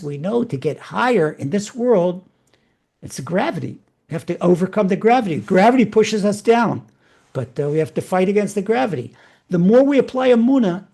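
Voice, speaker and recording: A man's voice: sits high, darkish tone. A man speaking as a rabbi, giving an earnest spiritual sermon and repeating phrases for emphasis.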